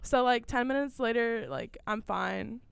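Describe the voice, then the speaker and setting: A teenage girl and podcast guest, telling a work story in a casual, animated way, full of "like" and acted-out dialogue. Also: on the high side, a little slow, gravelly, clean tone, no room sound. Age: teens. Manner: animated, filler-heavy retelling with quoted dialogue.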